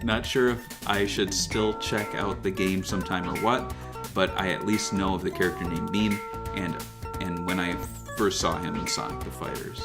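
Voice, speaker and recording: Rambling podcast host man, low voice. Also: fairly even intonation, moderate pace, over loud music. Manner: rambling, reads listener messages aloud. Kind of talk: casual podcast chat.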